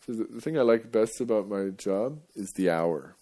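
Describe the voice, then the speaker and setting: A man giving a rambling, jokey live talk to an audience, breaking now and then into loud playful chants. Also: fairly low pitch, expressive, normal speed.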